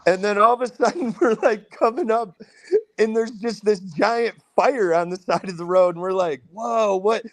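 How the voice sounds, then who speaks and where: A man's voice: normal speed, dry recording. A man with a Midwestern American accent, telling a wild story casually on a podcast and acting out everyone's lines with big jumps in his voice. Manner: animated, profane, acts out quotes with big pitch jumps. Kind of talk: casual storytelling among friends.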